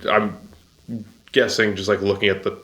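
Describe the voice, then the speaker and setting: A man's voice: lowish voice, little pitch movement, moderate pace, fairly bright tone. A man playing a tabletop game, talking casually in a rambling, hesitant way with many restarts. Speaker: player. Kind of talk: casual tabletop role-play.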